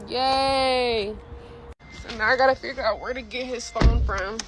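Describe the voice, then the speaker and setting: A woman's voice: a little high, fairly even intonation, measured pace, music in the background. A young woman vlogging on her phone outdoors on city streets, chatty and emotional, talking straight to her viewers. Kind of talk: casual phone vlog. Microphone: phone camera at arm's length. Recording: loud street noise behind.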